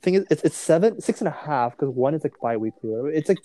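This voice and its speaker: Mellow-voiced young guy, blunt and profane. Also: on the high side, animated, quick pace, dry recording. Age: young adult. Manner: blunt, profane, hesitant restarts. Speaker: university student. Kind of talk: casual chat among friends on a call.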